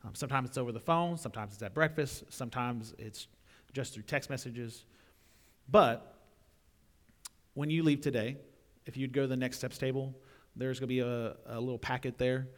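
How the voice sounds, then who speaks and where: A young adult man preaching a sermon in a church, talking conversationally, repeating words and swelling louder on key points. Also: medium pitch, moderate pace, long pauses. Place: church sanctuary. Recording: long reverb of a church hall.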